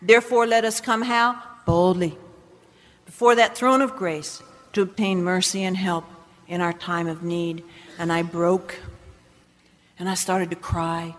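A woman's voice: lowish voice, fairly even intonation, unhurried, pauses often. A woman preacher giving a dramatic personal testimony in a sermon, with emphatic, swinging delivery. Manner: dramatic, emphatic storytelling with wide swings in loudness. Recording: long hall reverb.

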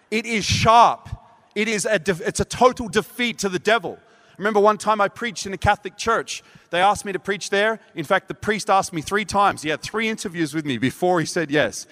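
High-voiced animated preacher in reverb. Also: male voice. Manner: animated, acts out quotes, laughs at himself. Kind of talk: sermon with storytelling. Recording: long hall reverb.

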